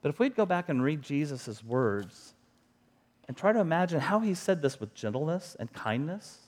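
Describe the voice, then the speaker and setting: A man's voice: on the high side, very animated, moderate pace. A middle-aged man preaching a sermon as a pastor, talking to the congregation in an earnest, conversational way and asking rhetorical questions.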